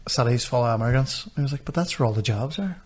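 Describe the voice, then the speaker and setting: A man rambling through casual podcast chat. He laughs easily and swears along the way. His voice sits at an ordinary male pitch. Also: quick pace, a little mellow, a little hiss or hum. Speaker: podcast co-host.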